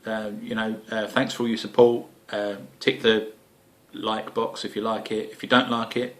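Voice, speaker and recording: Essex bloke, homebrew vlog host, lowish voice, cheeky jokey delivery. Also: male voice, flat delivery, moderate pace, fairly bright tone. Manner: cheeky, jokey, lots of fillers and swearing. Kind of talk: casual chat to camera.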